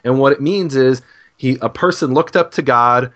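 A man's voice: medium pitch, moderate pace, a bit bright. An earnest man explaining things at length in a podcast chat. His voice sits in a middle register and starts over often. The recording sounds dull and a bit lo-fi. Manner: earnest, explanatory, many restarts. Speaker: author and guest. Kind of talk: podcast conversation, teaching.

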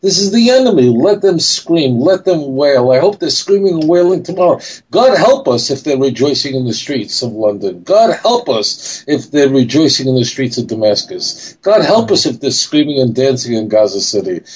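A man's voice: mid-range voice, sing-song, normal speed, darkish tone, husky, low-quality recording. A man speaking as a guest in a talk show interview, emphatic and insistent, often repeating himself.

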